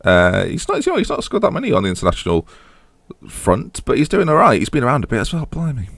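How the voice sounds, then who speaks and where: A man's voice: medium pitch, huge pitch swings, fast, gravelly, a bit bright, no room sound, studio quality. A young man giving chatty, wry commentary over a football management game, often breaking off mid-sentence. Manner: chatty, wry, self-interrupting. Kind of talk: casual gameplay commentary.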